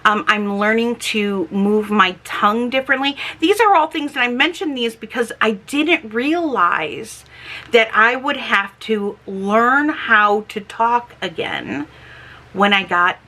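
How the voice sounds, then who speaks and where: A middle-aged woman chatting casually in a vlog, talking slowly and carefully, with slightly slurred, lisping S sounds from her dentures. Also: on the high side, lively intonation, bright, forceful tone. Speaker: homestead vlogger.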